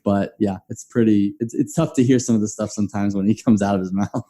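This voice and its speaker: A man's voice: fairly low pitch, steady tone, fairly quick, mellow. A man talking as a guest on a podcast, easygoing and laughing often, with many restarts. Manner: easygoing, laughs often, repeats words when starting. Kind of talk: casual podcast chat.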